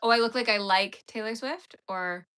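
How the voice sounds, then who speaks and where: A woman's voice: on the high side, normal speed, fairly bright tone, clear, resonant tone. A Canadian woman from the far north hosting a knitting livestream, chatting casually with viewers, laughing easily and saying "like" a lot. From Yellowknife, Canada. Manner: chatty, uses "like" as a frequent filler, laughs easily. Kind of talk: casual livestream chat answering viewer comments.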